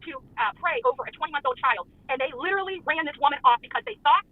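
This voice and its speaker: A woman's voice: high voice, animated, no echo. A woman on a stream in casual chat, indignant and emphatic. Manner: indignant, emphatic, rapid venting. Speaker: guest on a stream. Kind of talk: casual chat over the phone. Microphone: phone. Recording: tinny phone line, faint hiss.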